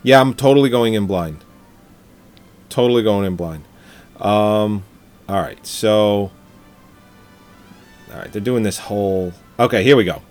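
A man's voice: lowish voice, unhurried, pauses often, darkish tone, soft background music. A man co-hosting a casual film chat podcast, joking and swearing, often laughing. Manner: jokey, swears, laughs often, reads article aloud. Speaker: podcast co-host.

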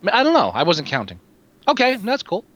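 A man co-hosting a movie podcast in casual chat, animated and stammering, reading short poems slowly and dramatically. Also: sits high. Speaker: podcast co-host. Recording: dull lo-fi recording with background noise.

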